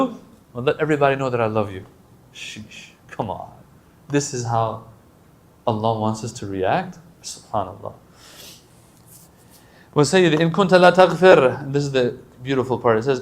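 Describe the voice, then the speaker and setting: A man giving a casual, animated sermon to a gathering, joking at times and reciting Arabic supplications quickly before explaining them. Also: medium pitch. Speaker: religious lecturer.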